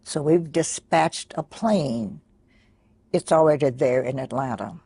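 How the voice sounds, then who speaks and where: An older woman quietly recounting a personal memory in a soft, halting way with many pauses. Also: sits low, husky, no echo. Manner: soft-spoken, pausing, many fillers. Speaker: interviewee. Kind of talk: personal recollection.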